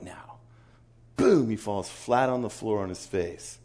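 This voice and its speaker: A man preaching a sermon, telling a story with animated acted-out dialogue. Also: fairly low pitch, unhurried.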